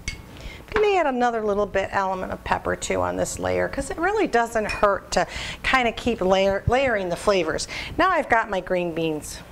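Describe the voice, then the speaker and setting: A woman's voice: medium pitch, slight background noise. A woman hosting a home cooking video, chatting folksily to viewers and laughing at herself as she works. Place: home kitchen.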